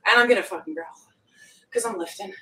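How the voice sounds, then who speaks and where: A woman's voice: medium pitch, fast, bright, forceful tone. A woman fitness coach joking and swearing while she works out, breathing hard. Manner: joking, profane banter while exercising. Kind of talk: live workout coaching. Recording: echoey room, distant mic, faint noise.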